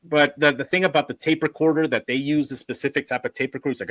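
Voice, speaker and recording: A man hosting a podcast in casual chat, telling stories in an animated way and swearing freely. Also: fairly high pitch, fast, no echo. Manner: animated storyteller, acts out quotes in put-on voices; swears casually, many fillers. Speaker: podcast host.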